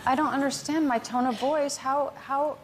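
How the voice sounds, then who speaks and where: A woman's voice: high-pitched, fairly even intonation, normal speed, a little hiss or hum. A woman on a talk show arguing defensively and in exasperation with her husband. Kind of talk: heated marital argument.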